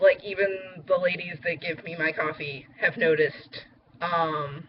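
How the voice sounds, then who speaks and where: A woman's voice: low voice, steady tone, measured pace, lo-fi sound, slight background noise. A young woman chatting casually in a vlog update, rambling with lots of fillers. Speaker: vlogger.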